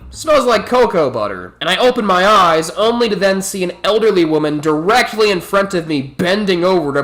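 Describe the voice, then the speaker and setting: A man's voice: high voice, fairly bright tone. A man telling a personal story in a profane, rambling storytime monologue. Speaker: storytelling vlogger.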